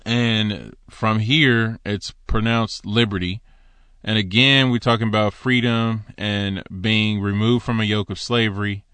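A man teaching on the Torah in a casual, conversational way, slipping into animated asides. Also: fairly low pitch, unhurried, smooth, no room sound.

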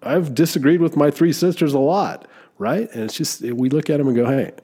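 A man's voice: on the high side, a little fast, dark tone, slightly rough. A man hosting a podcast, talking earnestly and reflectively in a casual conversation, often restarting his sentences. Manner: earnest, reflective, with frequent restarts and verbal fillers. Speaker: podcast host.

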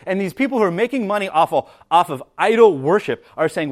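A male pastor preaches to his church in a relaxed, conversational way. His voice sits a little higher than most men's. He stumbles and repeats words, throws in "like" and "right?", and reads scripture slower and lower. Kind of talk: sermon. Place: church sanctuary.

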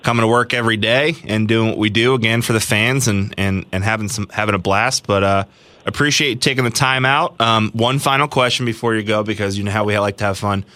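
Bright-voiced male podcast host. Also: lowish voice, brisk, dry recording. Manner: friendly, rambling with fillers. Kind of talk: casual podcast chat.

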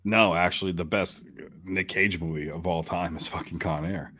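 A man with a very deep voice trades jokes and stories as a podcast co-host. He is casual and profane, with a joker's delivery. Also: steady tone, moderate pace, pushed and bright. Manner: profane, jokey storyteller. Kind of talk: casual chat.

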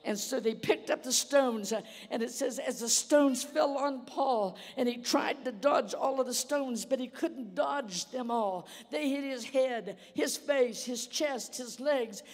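A woman guest speaker delivers a sermon and paints each scene vividly, often pausing on "uh." Her voice sits a little high. It carries long reverb from a church hall. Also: darkish tone. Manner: vivid storytelling, frequent "uh" fillers.

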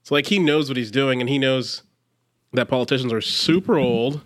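A man's voice: mid-range voice, moderate pace, slight background noise. A young man co-hosting a podcast, rambling casually and leaning heavily on "like". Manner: rambling, heavy use of "like", frequent restarts. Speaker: podcast co-host. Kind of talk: casual chat.

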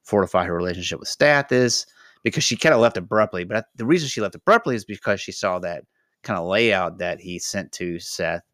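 A male host chats about a film in a loose, playful, rambling way. His voice sits on the low side. The sound is dry and close to the mic. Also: a little fast, fairly bright tone, dry recording. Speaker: podcast host. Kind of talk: casual movie discussion.

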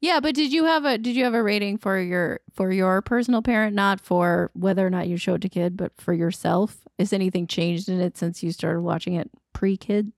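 A woman's voice: mid-range voice, no echo, clean studio sound. A woman co-hosting a casual movie podcast who asks questions and laughs easily. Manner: quick to laugh, inquisitive. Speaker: podcast co-host.

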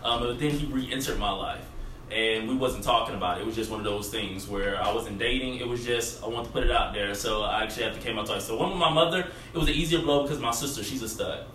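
A man telling his own story on a podcast in relaxed casual chat, with many fillers. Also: medium pitch, quick pace. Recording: echoey room, far from mic, faint hiss.

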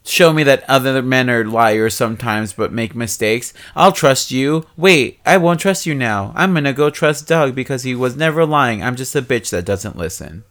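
A podcast host mimicking a gullible, self-pitying teenage girl in a mocking recap, in a loose, low-key voice. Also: moderate pace, few pauses, a bit bright, lightly acted.

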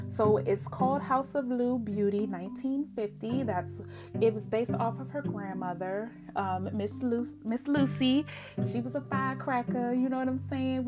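A woman host, chatting casually and excitedly with lots of fillers. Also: mid-range voice. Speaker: podcast host. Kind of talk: casual chat.

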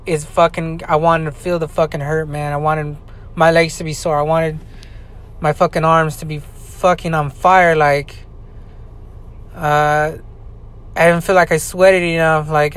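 A man on a podcast, venting in an angry personal monologue, swearing constantly and repeating himself between halting fillers. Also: fairly high pitch. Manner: profane, ranting, repetitive.

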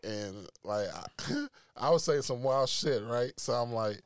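A man's voice: medium pitch, takes it slowly, clean tone, no room sound. Dry-sounding man telling stories on a podcast. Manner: animated storyteller, slangy, laughs often. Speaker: podcast host. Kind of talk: casual storytelling chat.

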